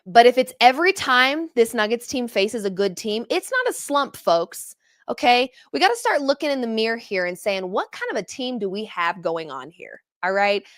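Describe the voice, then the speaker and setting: A woman's voice: fairly high pitch, normal speed. Exasperated woman hosting a sports reaction show. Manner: animated, exasperated, sarcastic asides to viewers. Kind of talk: post-game reaction talk.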